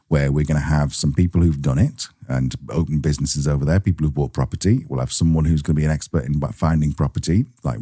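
This podcast co-host from England rambles chattily through anecdotes, putting on voices for things his family said. He speaks low with a dark tone, and the studio recording is clean and echo-free.

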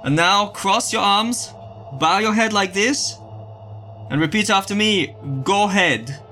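Bright, high-voiced man leading a chant. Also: measured pace, soft background music. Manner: chanting commands, breaking into laughter. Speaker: player leading a ritual in character. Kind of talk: in-character tabletop role-play.

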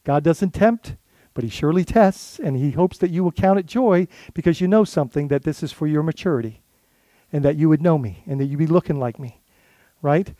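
A man's voice: fairly high pitch, fairly quick, dark tone, dry recording. A male lead pastor preaching a sermon in a conversational way, full of rhetorical questions and restarts.

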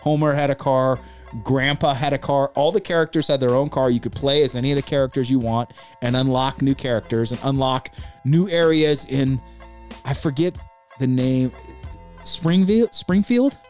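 Male podcast host in his forties, easygoing and rambling, mid pitch, faint music in the background. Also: steady tone, moderate pace, a little mellow. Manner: laid-back, rambling, says man and dude a lot. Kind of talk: casual podcast chat.

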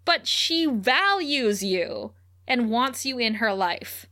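A woman's voice: a little high, lively intonation, slow, pushed and bright. A woman co-hosting a podcast, chatting casually and animatedly as she recaps a show, swearing freely and acting out the quotes. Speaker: podcast co-host.

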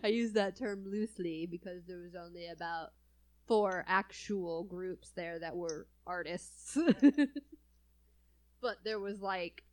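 A woman's voice: on the low side, steady tone, slow. A woman in her early thirties chatting casually, laughing often and poking fun at herself. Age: 30s. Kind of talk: casual chat.

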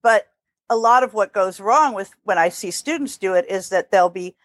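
A woman from New Jersey answers interview questions about training dogs. She explains things calmly, often restarting her sentences. She speaks at a middle pitch into headphones on a remote call, and the sound is close and dry. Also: moderate pace, dry recording. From New Jersey, USA. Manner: calm, explanatory, with frequent restarts. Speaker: dog trainer guest. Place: temporary room away from home.

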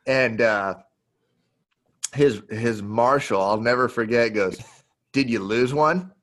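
A man on a podcast telling a fishing story in a casual, animated way, now and then acting out quotes. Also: slow pace. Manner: animated storyteller, acts out quotes in a high yelling voice. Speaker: podcast host and pro angler.

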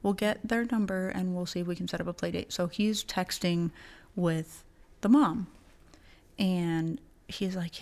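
Co-host, woman, lower register, slight lisp, animated storyteller in casual chat. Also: a little slow. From United States. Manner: storytelling, emphatic. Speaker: podcast co-host.

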